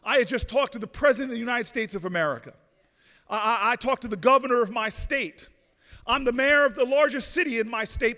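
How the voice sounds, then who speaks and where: A man with a strikingly high, sharp and forceful voice gives a rousing speech in a large ballroom. He trips into repeated starts, then climbs to shouted peaks. His words ring out with a long hall echo from the podium mic. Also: fairly quick. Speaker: speaker at a convention. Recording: reverberant ballroom.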